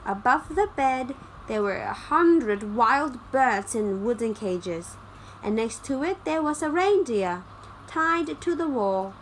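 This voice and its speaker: A woman narrating a graded-reader story in a slow, careful, clear way. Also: fairly high pitch, animated, slight background noise, rough recording.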